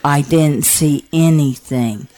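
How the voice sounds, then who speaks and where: A woman voicing her calm, matter-of-fact female friend in a spoken personal story. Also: low-pitched, takes it slowly.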